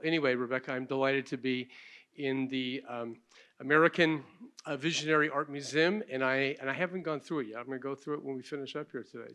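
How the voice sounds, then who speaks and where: An older male pediatrician explaining and demonstrating baby care in a gentle, plainspoken, self-deprecating way. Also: mid-range voice. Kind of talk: demonstration and conference talk.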